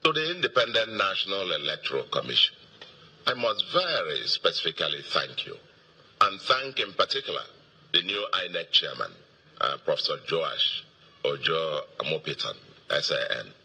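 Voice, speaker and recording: A middle-aged man with a Nigerian accent speaks to a crowd of supporters in a very deep, husky voice that still cuts through sharply. His delivery is emphatic and oratorical, repeating phrases for weight and pausing on fillers. It has the rhythm of a political victory speech. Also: big pitch swings, pushed and bright. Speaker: state governor.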